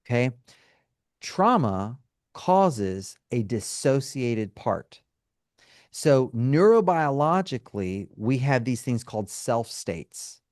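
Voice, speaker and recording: A man's voice: medium pitch, big pitch swings, slow pace, a little mellow, dry recording, studio quality. A male counselor and trauma specialist, a guest in an interview, explaining things in a teacherly way and often checking in with "right?" and "okay?".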